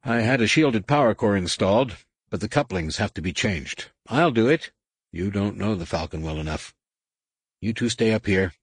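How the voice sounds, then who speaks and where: A man voicing a wisecracking middle-aged pilot in an audiobook, dry and gruff. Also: fairly low pitch, lively intonation, moderate pace, no room sound. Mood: urgent.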